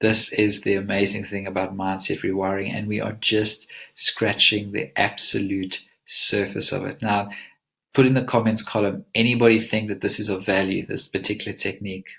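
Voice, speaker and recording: A man's voice: on the low side, little pitch movement, normal speed, gravelly, a bit bright. A man presenting a live webinar as a mindset coach, teaching in an earnest, emphatic coaching tone.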